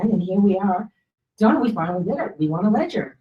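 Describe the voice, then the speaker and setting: A woman giving an excited, laughing acceptance speech and thanking her team. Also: medium pitch, fairly quick, over music, poor audio. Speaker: award winner. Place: awards ceremony stage.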